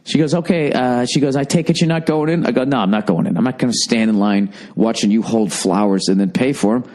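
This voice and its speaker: A man's voice: mid-range voice, fast talker, a little mellow. A podcast host rambling through a comedic monologue, a man swearing constantly and acting out both sides of his arguments in exasperated retellings.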